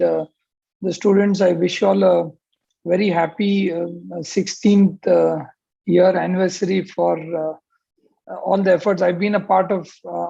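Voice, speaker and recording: A man's voice: high-pitched, gravelly, warm tone, husky. A man, a surgeon giving opening remarks on a panel over a video call, hesitant with many fillers but emphatic. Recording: muffled lo-fi call audio.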